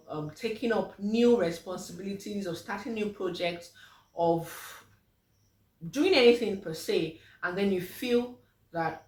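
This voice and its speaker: A lowish female voice, distant from the mic and off to the side in an echoey room, belongs to a physiotherapist chatting informally with mothers about health. Fillers abound, and she acts out the replies she reports.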